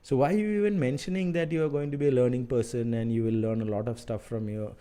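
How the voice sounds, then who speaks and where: Middle-aged Indian English male mentor, very dark warm tone, mid pitch, loose rambling advice talk. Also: clear, resonant tone. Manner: rambling, halting with fillers, frank and mildly sarcastic. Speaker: architect mentor.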